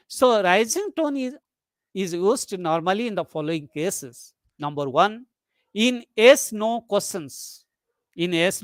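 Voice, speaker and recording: Slow speaker repeating example sentences. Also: mid-range voice, no echo. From South Asia. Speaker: lecturer. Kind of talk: webinar lecture on intonation.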